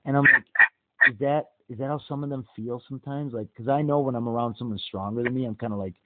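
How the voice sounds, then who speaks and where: A middle-aged man telling stories in a casual chat, lively and animated, with quick jumps into quoted voices. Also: mid-range voice, very noisy. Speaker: podcast host. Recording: tinny phone-like dry sound.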